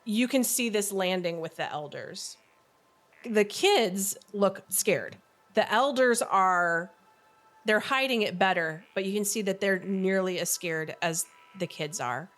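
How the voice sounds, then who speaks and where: A woman running a tabletop game as game master, narrating scenes in a vivid, steady way. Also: medium pitch, slow.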